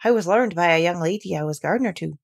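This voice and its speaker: A woman voicing a grumpy old gardener with a gruff, grumbling manner. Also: fairly low pitch, fast talker.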